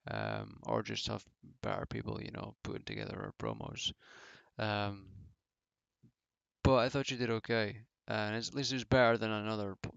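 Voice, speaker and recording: A man's voice: on the low side, gravelly, fairly bright tone, clear, resonant tone, no room sound. A man giving casual solo commentary as a wrestling reviewer, rambling and offhand with many fillers. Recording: dull lo-fi home mic.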